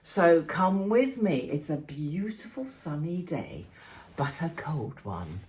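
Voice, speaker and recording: A woman's voice: low voice, very animated, slow, darkish tone, a little hiss or hum. An older woman from England chatting casually to her phone camera, rambling and affectionate, walking about outdoors and at home. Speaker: vlogger.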